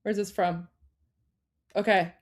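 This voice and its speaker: A woman's voice: medium pitch, steady tone, slow pace. A woman co-hosting a livestream, chatting casually with lots of fillers and restarts and frequent laughter. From Iran. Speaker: livestream co-host.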